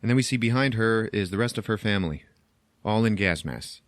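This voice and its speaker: A man's voice: on the low side, brisk, dry recording. A man hosting a podcast, recapping a film plot in casual chat, chatty and profane, laughing at his own jokes, on a close microphone.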